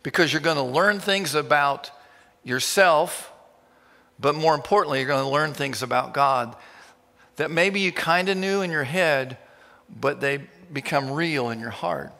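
A male pastor preaching a sermon in an informal, halting way with many restarts. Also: on the high side, creaky, sharp tone, big-room sound. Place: church.

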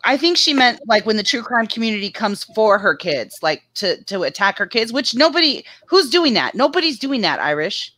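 A woman's voice: on the high side, sing-song, normal speed, hardly any pauses, a bit bright, no room sound. A woman in casual livestream chat, talking bluntly and indignantly, with some swearing.

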